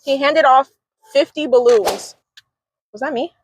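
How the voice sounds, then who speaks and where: A woman's voice: high voice, unhurried, slight background noise. A young woman telling stories animatedly in a casual gossip chat, recorded in a parked car. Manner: animated storytelling, acts out quotes. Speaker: co-host.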